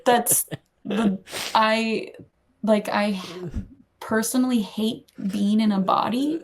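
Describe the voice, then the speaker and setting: A woman's voice: fairly high pitch, fairly even intonation, slow pace, a crowd in the background. A woman guest on a podcast, an editor and curator, musing casually with lots of "like" and fillers.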